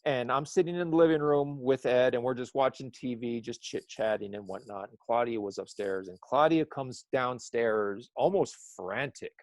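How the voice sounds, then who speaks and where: A man's voice: mid-range voice, normal speed, hardly any pauses, no room sound. A man telling a story as an interview guest, rambling, with many restarts and self-corrections.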